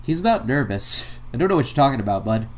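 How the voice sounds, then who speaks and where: A man's voice: mid-range voice, sing-song, fast talker. A man giving comedic reaction commentary on a video, sarcastic and mock-exasperated, laughing between lines. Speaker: commentary YouTuber.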